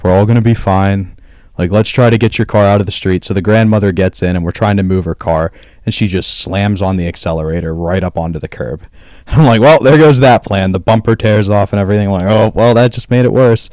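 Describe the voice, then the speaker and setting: A man's voice: deep voice, steady tone, fast, a little mellow, dry recording. A man in casual podcast chat, telling a long rambling story and acting out what everyone said. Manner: rambling storyteller who acts out quoted dialogue.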